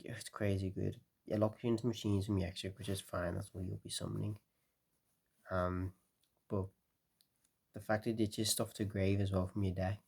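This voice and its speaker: A tired man talking casually through a card game deck, relaxed and rambling with lots of fillers. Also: low-pitched, vocal fry.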